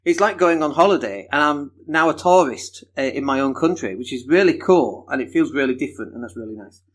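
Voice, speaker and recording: Male podcast host, fairly high voice, casual rambling monologue, laughs at himself. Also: expressive, brisk. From Leeds, England. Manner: chatty, enthusiastic, self-deprecating, laughs often.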